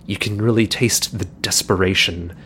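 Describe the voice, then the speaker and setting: A man's voice: low voice, fairly even intonation, normal speed, sharp tone, a little hiss or hum, voice pushed down. A man doing a courteous fanged fiend. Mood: sinister. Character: suave male fiend in gray coat, courteous.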